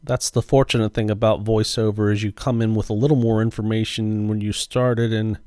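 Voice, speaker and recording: A man narrating a pack-opening voice-over in a slow, deliberate commentary. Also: on the low side, flat delivery, a little mellow, clean tone, dry recording, clean studio sound. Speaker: card collecting channel host. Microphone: voice-over recorded after the footage.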